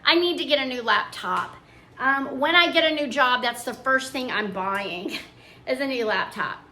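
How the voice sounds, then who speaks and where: A woman's voice: high-pitched, normal speed, pushed and bright. An older woman chatting casually at home as a vlogger, homey and talkative, drifting into little asides. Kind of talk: casual chat.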